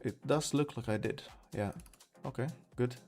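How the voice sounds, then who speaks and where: A man's voice: medium pitch, normal speed, darkish tone, faint music behind. A man from Sweden with a Swedish accent, chatting casually on a live stream, rambling with lots of fillers as he thinks aloud. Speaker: livestreamer.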